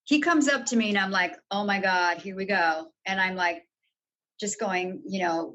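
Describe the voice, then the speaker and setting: An older woman speaks candidly as a podcast guest, telling a personal story in plain, direct words. She voices the people she quotes as she goes, and her pitch sits in an ordinary middle range for a woman. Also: normal speed, bright, forceful tone, poor audio. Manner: earnest, frank storyteller who acts out quoted dialogue.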